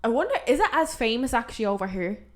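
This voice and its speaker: A woman's voice: fairly high pitch, very animated, quick pace. A young woman co-hosting a podcast, talking in a casual, chatty, giggly way with lots of "like". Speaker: podcast co-host. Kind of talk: casual chat.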